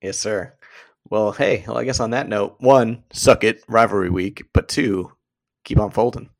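A man's voice: fairly low pitch, moderate pace, vocal fry. A man co-hosting a casual podcast, laid-back and self-deprecating in his banter. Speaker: podcast co-host.

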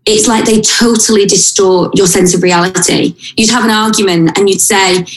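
A woman sits in a room with a noticeable echo, recounting something painful from her own life. She speaks haltingly and with feeling, often restarting her sentences. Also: mid-range voice, steady tone. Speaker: interview guest. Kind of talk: personal account in conversation. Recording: roomy echo.

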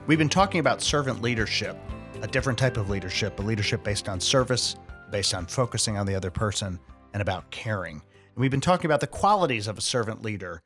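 A man's voice: fairly low pitch, lively intonation, fast talker, music in the background. A middle-aged man hosting a podcast, giving an earnest, emphatic motivational talk. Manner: earnest, emphatic, building up encouraging scenarios. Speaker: podcast host.

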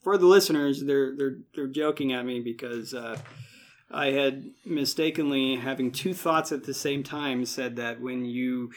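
A man's voice: medium pitch, measured pace. A man running a tabletop game as game master, explaining rules in a chatty way with many fillers.

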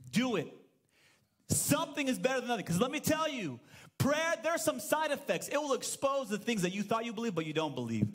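A man's voice: very high-pitched, a bit bright. A man in his thirties preaching a sermon as pastor at a church service, telling stories with playful acted-out voices and humor.

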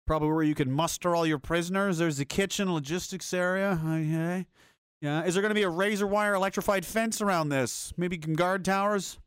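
A man with a slightly high voice delivers a heated, profane rant while reacting to news clips. His tone is sarcastic and fed up. The sound is dry and close, with no room echo. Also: brisk, fairly bright tone, clean tone. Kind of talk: ranting video commentary.

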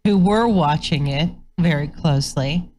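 A woman co-hosting a talk show, speaking in a measured, thoughtful way with frequent fillers. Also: deep voice, a little mellow, slight background noise. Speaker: co-host. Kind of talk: casual chat.

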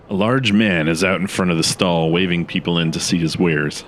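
Deep, deadpan male narrator. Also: fairly quick, hardly any pauses, slight background noise.

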